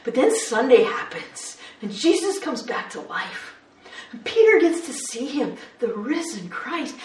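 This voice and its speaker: A woman preaching a sermon, her voice fairly high, moving between hushed moments and lively storytelling. The recording is echoey and distant, like a mic set back in a room. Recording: roomy echo, distant mic.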